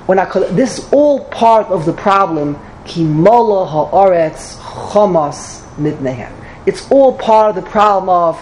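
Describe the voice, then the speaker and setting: A woman teaching a Torah lecture in an animated storytelling manner, with sudden high exclamations and many Hebrew and Yiddish terms. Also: a little hiss or hum, low-quality recording.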